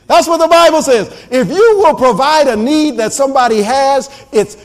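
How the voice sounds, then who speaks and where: Male minister with a very high voice, delivering a fervent sermon and shouting for emphasis. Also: animated, slow pace, long pauses.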